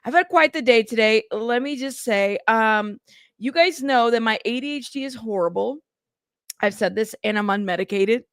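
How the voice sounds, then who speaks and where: Uma mulher apresentando uma live casual, conversando com o chat de forma tagarela, recomeçando frases, cansada e frustrada. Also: female voice, on the high side, normal speed, clean tone, dry recording, clean studio sound. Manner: chatty, greets chat by name, rambling restarts. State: tired and frustrated. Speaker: livestream host.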